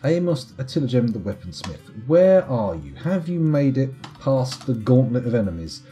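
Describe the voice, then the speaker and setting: A man's voice: mid-range voice, very animated, normal speed, hardly any pauses, mellow, soft background music. Wry, rambling man streaming a game. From United Kingdom. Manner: rambling, wry, self-mocking asides. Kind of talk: casual live gameplay commentary.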